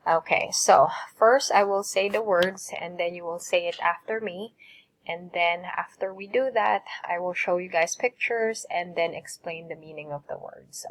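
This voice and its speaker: A woman's voice: lowish voice, poor audio. A woman teacher giving a recorded lesson, patiently saying words and asking students to repeat them.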